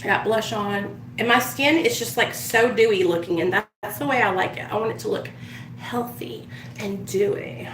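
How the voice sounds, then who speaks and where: A woman's voice: mid-range voice, normal speed, reverberant, distant mic, noisy background. A woman chatting casually on a live stream, telling stories and swearing freely as she does her makeup. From United States. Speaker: vlogger.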